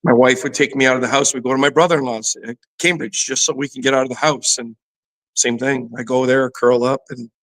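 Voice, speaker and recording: A man's voice: mid-range voice, fairly even intonation, fairly quick, a bit bright, poor audio. A middle-aged man, a former athlete turned fitness trainer, candidly telling a personal story in an interview, full of "you know" fillers. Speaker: guest, former pro football player and fitness trainer.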